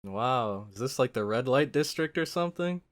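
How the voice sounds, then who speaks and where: A reaction channel host giving casual live commentary on an anime, with excitable gasps and exclamatory outbursts. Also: medium pitch, normal speed.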